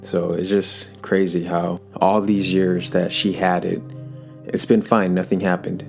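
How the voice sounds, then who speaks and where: A man co-hosting a casual podcast, explaining plainly in a measured way. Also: low voice, little pitch movement, creaky, faint music behind. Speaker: podcast co-host.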